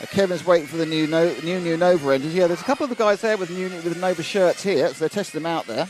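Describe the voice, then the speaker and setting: This man's voice is fairly high and his pace quick as he calls a radio-controlled car race live. He keeps it casual, reading out viewer messages and adding asides, with race car engines and trackside ambience making the recording noisy.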